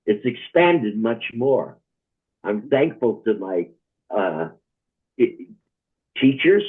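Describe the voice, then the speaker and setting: A man, a rabbi, telling a story slowly and reflectively in a conversation, often checking in with "all right?". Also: medium pitch, husky. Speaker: rabbi, guest speaker. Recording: tinny phone-like line.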